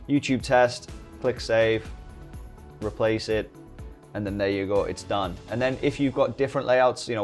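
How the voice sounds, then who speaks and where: A middle-aged British man giving a relaxed software walkthrough tutorial, full of joking, rambling asides. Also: fairly low pitch. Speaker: day-trading YouTuber. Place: home desk early morning.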